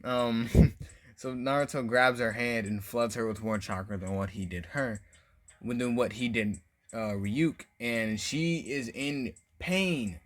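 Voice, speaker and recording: A man's voice: medium pitch, slow pace. A man casually narrating a fan-made story, rambling with lots of filler words.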